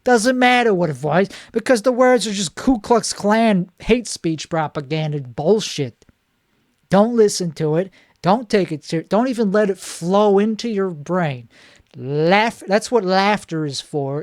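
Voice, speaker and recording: A male comedian in a solo monologue, rambling in a deadpan way and correcting himself mid-sentence. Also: sits high, measured pace, no echo, clean studio sound.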